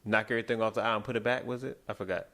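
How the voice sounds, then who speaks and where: A man's voice: fairly low pitch, little pitch movement, rapid-fire, fairly bright tone. A man co-hosting a comedy podcast, telling a rambling story in casual chat, full of restarts. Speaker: podcast co-host.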